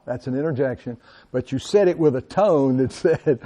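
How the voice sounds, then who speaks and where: A man giving a classroom lecture, animated and acting out sample replies as he teaches. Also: mid-range voice, moderate pace. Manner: animated, acts out example replies. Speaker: college lecturer.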